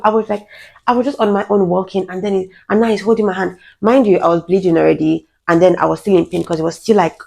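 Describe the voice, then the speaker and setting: A young woman with a lowish, gravelly voice tells a personal story straight to the camera. She talks earnestly and frankly, with halting restarts as she goes. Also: a little mellow. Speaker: vlogger.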